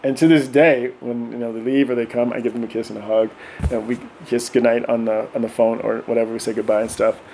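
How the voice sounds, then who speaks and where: A middle-aged man telling animated stories in casual podcast chat, often acting out voices and laughing. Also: mid-range voice, quick pace, a little hiss or hum. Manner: animated, acts out voices of his kids and himself, laughs often. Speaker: podcast guest.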